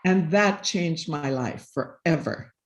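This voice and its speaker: A woman's voice: low voice, animated, takes it slowly. Earnest woman telling a personal story. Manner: earnest, reflective, acts out quoted dialogue. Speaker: panel speaker. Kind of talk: personal storytelling in a live session.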